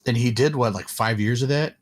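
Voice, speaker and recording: A man's voice: medium pitch, fairly quick. A man co-hosting a casual podcast chat, rambling with many fillers and restarts. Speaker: podcast co-host.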